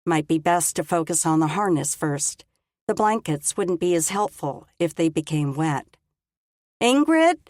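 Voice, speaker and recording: A woman narrating a story in a calm, measured audiobook reading. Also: low-pitched, dry recording, studio quality. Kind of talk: scripted narration.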